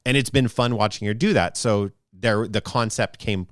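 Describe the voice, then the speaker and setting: A man's voice: fairly low pitch, normal speed, dry recording. A man co-hosting a podcast as game master, talking in a rambling, thoughtful way into a close mic. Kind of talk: casual podcast discussion.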